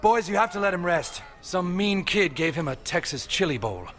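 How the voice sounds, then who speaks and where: A stern cartoon adult. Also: male voice, sits high, big pitch swings, normal speed, fairly bright tone. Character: adult man scolding young boys. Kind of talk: cartoon voice acting.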